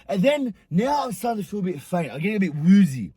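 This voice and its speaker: Young man, vlogger, husky tone, higher voice, animated profane storytelling. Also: fast, no echo. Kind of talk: storytime vlog.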